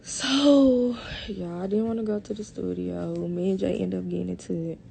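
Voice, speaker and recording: A young woman tells a story live to her viewers, animated and swearing freely. Her voice is gravelly and low in tone, warm rather than bright. A faint rumble sits behind her. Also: normal speed. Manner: animated, talks to viewers as y'all, heavy swearing. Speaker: live streamer. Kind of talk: casual storytelling on a livestream.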